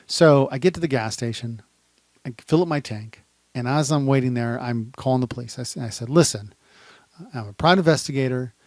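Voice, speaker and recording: A man, a private investigator, telling a story in a lively, dramatic way and acting out the shouted lines in a high voice. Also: a little fast, no room sound, studio quality. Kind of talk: animated storytelling, reenacting events. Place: indoors, standing.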